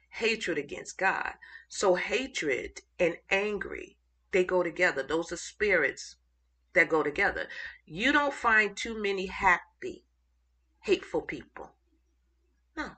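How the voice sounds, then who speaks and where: A woman with a mid-range voice leads an informal Bible teaching. She sounds excited and stops and starts while hunting for verses in the middle of her thoughts.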